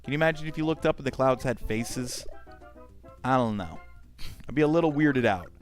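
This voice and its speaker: A man's voice: medium pitch, a little fast, soft background music. A man streaming a game, chatting casually and swearing often as he reads chat aloud and rambles. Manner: profane, rambling, talks to chat.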